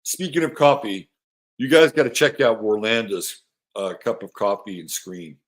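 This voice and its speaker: A man's voice: fairly low pitch, animated, normal speed. Rambling, chatty man hosting an astrology show. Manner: rambling, chatty, repeats himself; coos softly to his dog. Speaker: astrology podcast host. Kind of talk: casual astrology talk.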